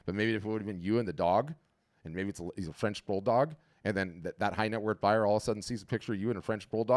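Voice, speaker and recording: Deep-voiced chatty man hosting a webinar. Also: quick pace, no room sound, studio quality. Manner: animated, chatty, often repeats and restarts words. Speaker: webinar host auditing artist profiles. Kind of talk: casual live webinar commentary. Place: home. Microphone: video call.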